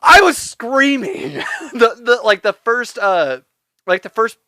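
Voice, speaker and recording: Animated ranting, swearing podcast co-host man. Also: extremely high pitch, takes it slowly, no room sound. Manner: ranting, heavily profane, laughing often. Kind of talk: casual podcast chat.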